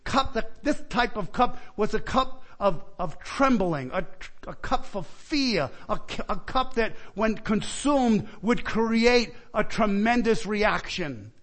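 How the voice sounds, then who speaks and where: A man preaching a sermon, swinging between loud pleading and quiet reflection, often asking his listeners questions. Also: sits high, lively intonation, slow pace. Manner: repeats and restarts words, asks the listeners questions.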